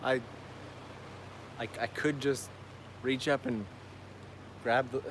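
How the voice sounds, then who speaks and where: Male travel streamer, upbeat walking commentary, average pitch, light outdoor noise. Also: fairly even intonation, slow pace, long pauses. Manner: enthusiastic, chatty, reads viewer messages aloud. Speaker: travel vlogger hosting a live stream. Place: outdoors on a seaside island path.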